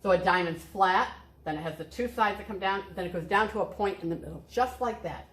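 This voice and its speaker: A woman's voice: medium pitch, a little fast, a bit bright. A woman art teacher leading a cheerful, step-by-step drawing lesson for children, encouraging them as she goes. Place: art studio. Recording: echoey room.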